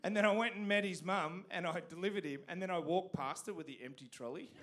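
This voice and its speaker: A man's voice: high-pitched, fast talker, a crowd in the background. A man with an Australian accent from Canberra doing a stand-up comedy set on a theatre stage, self-deprecating and stumbling over restarts.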